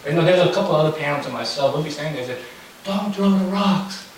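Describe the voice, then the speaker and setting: Chatty pastor in an echoey church. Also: male voice, a little high, racing. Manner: chatty, anecdotal, lots of fillers. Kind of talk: casual sermon storytelling. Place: church hall. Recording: very echoey room, far from the mic, faint noise.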